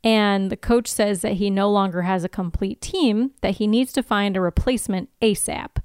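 A woman's voice: mid-range voice, normal speed, a little mellow, clear, resonant tone, no echo, studio quality. A young woman co-hosting a podcast, recapping an episode in casual chat and laughing often. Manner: laughs often, retells scenes with quoted lines. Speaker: podcast co-host.

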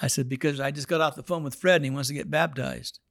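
A man's voice: fairly high pitch, steady tone, fast talker, vocal fry, a bit bright, no room sound, clean studio sound. A man, a pastor, telling a story in a sermon and acting out the people in it.

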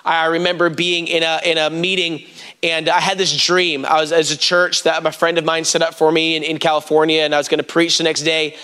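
A man's voice: on the high side, level tone, brisk, sharp tone, smooth. A man preaching a sermon, telling stories and talking straight to the congregation. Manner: storytelling, addresses the congregation directly.

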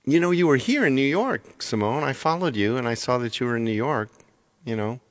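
A man's voice: medium pitch, expressive, fairly quick. A man singer chatting casually with viewers on a live stream, rambling and repeating his phrases.

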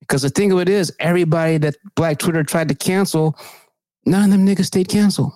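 A man co-hosting a casual podcast chat, telling stories in a profane, animated way. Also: fairly high pitch, normal speed, no room sound. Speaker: podcast co-host.

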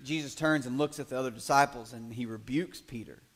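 A man preaching a sermon in a conversational way, building to loud, emphatic passages and acting out quoted voices. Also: medium pitch, brisk, husky. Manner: acts out quoted voices in asides. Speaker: pastor.

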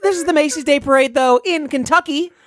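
A man voicing an excitable male parade radio announcer who rambles in hyped, shouty patter. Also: extremely high pitch, fast talker, voice pushed up. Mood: excited. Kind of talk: improvised comedy bit.

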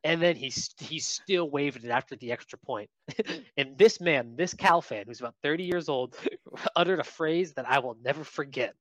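A man co-hosting a casual sports podcast, telling lively stories about what he saw at a game. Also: on the high side, normal speed, no room sound. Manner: lively anecdotal storyteller. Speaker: podcast co-host.

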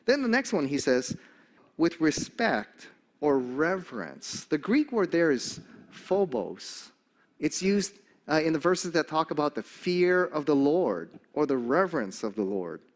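Animated older male preacher. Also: on the high side, a little slow. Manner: animated storyteller, acts out quoted voices, chuckles often. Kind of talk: sermon with personal stories.

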